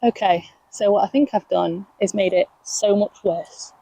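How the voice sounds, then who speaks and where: Recorded roughly outdoors on a camera mic while she moves about, a young Englishwoman casually chats as she plants on her allotment for her vlog. Her mid-range, mellow, slightly rough voice keeps a moderate pace with few pauses as she talks to her plants and laughs at herself.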